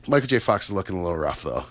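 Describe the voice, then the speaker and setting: A man's voice: low-pitched, very animated, quick pace, fairly bright tone. A Canadian man hosting a casual radio chat show, upbeat and chatty with lots of fillers and asides. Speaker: radio host. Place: radio studio.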